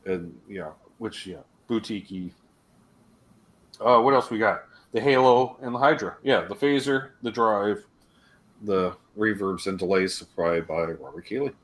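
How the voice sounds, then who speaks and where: A man's voice: on the low side, unhurried. A man from Canada hosting a casual chat about guitar gear, talking with enthusiasm and laughing often. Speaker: channel host.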